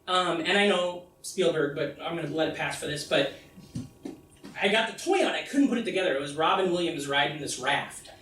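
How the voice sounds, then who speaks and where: A man performing a comedic one-man stage show, telling a story with animated delivery and acting out the people in it. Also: fairly high pitch, fairly quick, reverberant, distant mic, slight background noise, rough recording. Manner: animated storytelling, acting out his mom and himself. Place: theater stage. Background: audience laughter.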